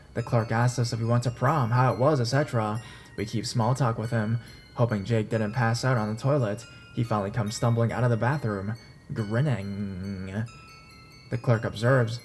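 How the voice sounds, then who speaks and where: A man narrates a first-person horror story in a steady, even storytelling voice at a middle pitch. Faint dark music plays underneath. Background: faint dark background music.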